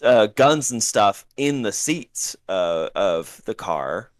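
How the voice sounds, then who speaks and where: A man with a lowish voice chats about a film on a podcast, his pitch moving a lot as he goes. He talks in a loose, hesitant way, full of fillers and restarts. The sound is close and dry. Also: animated, takes it slowly, dry recording. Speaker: podcast co-host reviewing a film. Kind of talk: casual film discussion.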